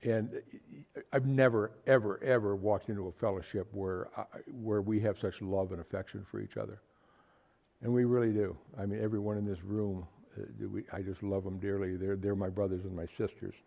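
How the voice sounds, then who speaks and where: A man's voice: lowish voice, steady tone, moderate pace, gravelly, narrow, tinny audio. A man preaching a sermon to a small fellowship, earnest and emphatic, often repeating words for stress. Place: small fellowship meeting room.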